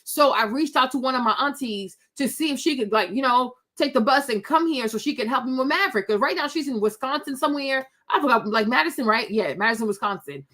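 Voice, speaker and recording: A middle-aged woman telling a story to her viewers in casual chat, animated and sassy, laughing often and acting out quotes. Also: high voice, fast, few pauses. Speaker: vlogger.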